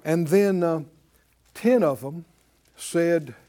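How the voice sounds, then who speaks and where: A man's voice: a little high, slow, dark tone. A man teaching a Bible class in sermon style, preaching emphatically and asking the class questions.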